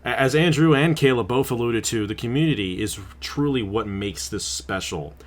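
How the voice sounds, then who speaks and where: A man's voice: medium pitch, moderate pace. Tearful man thanking his community. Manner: tearful, heartfelt, laughing through tears. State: crying. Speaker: channel host and race commentator. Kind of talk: emotional closing remarks on a stream.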